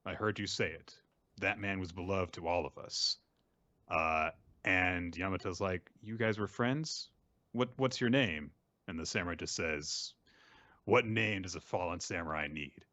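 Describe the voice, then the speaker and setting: A man's voice: low voice, sharp tone, no echo. A man hosting a podcast who casually recaps comic chapters and mimics the characters' lines as he retells scenes. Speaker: podcast host.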